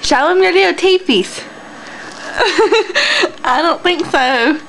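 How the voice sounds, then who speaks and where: A woman talks to her baby in a high, lilting voice, coaxing and playful. She draws every word out very slowly, like home-video baby talk. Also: expressive, a bit bright, slight background noise, poor audio. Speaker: mother talking to her baby.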